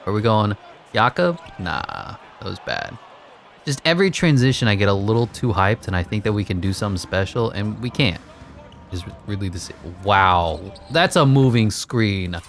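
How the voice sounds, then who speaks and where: A man giving casual, excitable commentary over his own gameplay, laughing at the game and mocking himself. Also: normal speed, gravelly, a little hiss or hum. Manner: excitable, voice jumps high when hyped. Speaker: gaming commentator.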